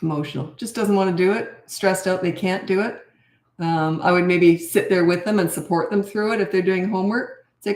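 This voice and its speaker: A woman's voice: lowish voice, steady tone, normal speed, darkish tone, roomy sound. A woman in her sixties, a parenting coach, answering viewer questions in a candid, chatty live Q&A. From Canada. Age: 60s. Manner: candid, chatty, self-deprecating. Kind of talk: live Q&A chat.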